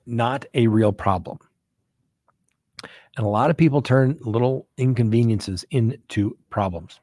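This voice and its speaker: A man's voice: medium pitch, unhurried, warm tone, no echo, studio quality. A man hosting a live show as a criminal defense attorney, talking casually in a folksy way with frequent "right?" asides. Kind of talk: casual live-stream talk.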